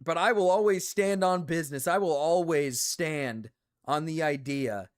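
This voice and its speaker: A man's voice: fairly high pitch, unhurried, dry recording, clean studio sound. A young man streaming live, ranting casually with lots of swearing and repeated phrases. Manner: ranting, profane, repeats himself. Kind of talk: casual livestream rant.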